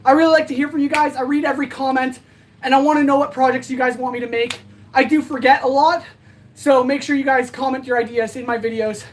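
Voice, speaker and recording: High voiced woman streamer, super tired n out of breath, rambly thank-yous to chat. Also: fairly even intonation, fast talker. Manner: rambling, earnest, thanks viewers often. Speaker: livestream host. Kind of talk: casual livestream sign-off chat.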